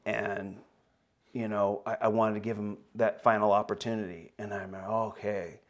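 A man, a pastor, telling a personal story in a sermon, often halting and repeating words, his voice lifting at the emotional points. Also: lowish voice, level tone.

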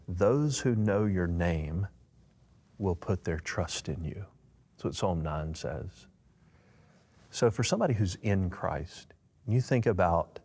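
A man's voice: sits low, darkish tone, husky. A man answering in a preaching style, emphatic and fervent, rising on key words. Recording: long echo.

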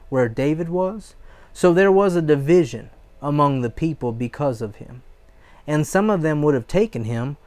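A man's voice: fairly high pitch, no echo. A man preaching a sermon, reading scripture aloud, exhorting his listeners and breaking into short prayers.

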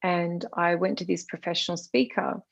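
A calm, soft-spoken woman with an Australian accent, chatting casually as a guest. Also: fairly low pitch, normal speed, gravelly, no room sound. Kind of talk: casual chat. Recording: slightly dull lo-fi sound.

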